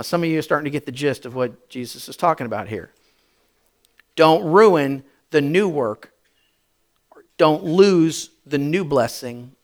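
A man preaching a sermon as pastor, animated, with repetition and acted-out voices. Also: mid-range voice.

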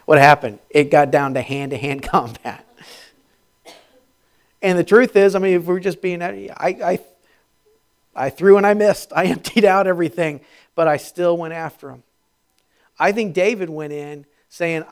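A man preaching a sermon, moving from quiet, intimate lines to loud, emphatic peaks, laughing between phrases. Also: high-pitched, moderate pace. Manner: swings from hushed to loud, rising emphatic preaching; laughs between phrases, speaks in quoted inner voices. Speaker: pastor.

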